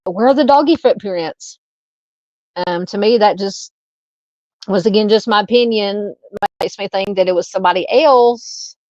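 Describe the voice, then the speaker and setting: A woman from Arkansas speaks with a Southern Arkansas accent at a middling pitch, hosting a true crime live stream. She thinks aloud in a halting, casual way as she reads and answers viewer comments. The sound is dry and close, a little dull and lo-fi. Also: darkish tone, no echo.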